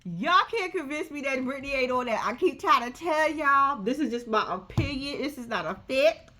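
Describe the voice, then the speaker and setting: A woman's voice: high voice, normal speed. A woman giving casual, profane, sassy commentary recapping a reality TV episode, acting out the people in it. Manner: sassy, profane, animated storytelling.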